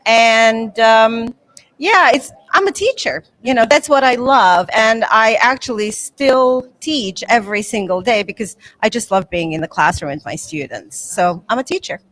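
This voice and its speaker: A woman's voice: on the high side, moderate pace, fairly bright tone. A woman in her forties from Bosnia and Herzegovina, a new association president giving an earnest conference interview.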